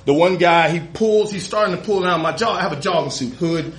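A man telling a comic, profane story live on stage, with an animated delivery and cheeky asides. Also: high voice, fairly quick, reverberant. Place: stage in a venue.

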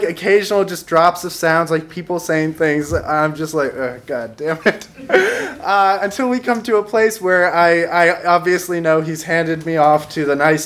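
Fairly high-pitched and a bit bright, this young man performs live comic storytelling on stage. The tale is about himself, told wryly and with self-mockery while he chuckles.

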